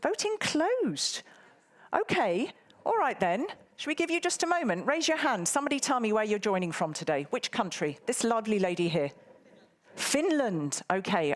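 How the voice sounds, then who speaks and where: A woman moderating a live conference, bantering and teasing the audience in a playful way. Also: medium pitch. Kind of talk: live event hosting.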